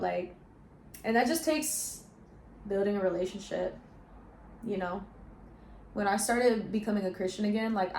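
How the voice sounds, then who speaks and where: In an echoey bedroom with a little background noise, a young woman with a medium-pitched, slightly mellow voice chats and tells stories for her vlog. Her slang includes phrases like "y'all" and "you feel me."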